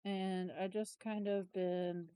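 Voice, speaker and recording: A woman's voice: medium pitch, flat delivery, slow pace, mellow, smooth, no room sound. A woman chatting casually through a planner walkthrough, tired and yawning, rambling and trailing off with self-corrections. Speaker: planner vlogger.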